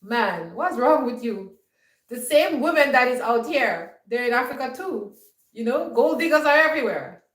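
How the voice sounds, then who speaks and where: A woman's voice: a little high, expressive, moderate pace, fairly bright tone, reverberant, distant mic, poor audio. A woman vlogger giving an emphatic, scolding monologue and often checking that her viewers understand. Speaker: homestead vlogger. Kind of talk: lecturing monologue.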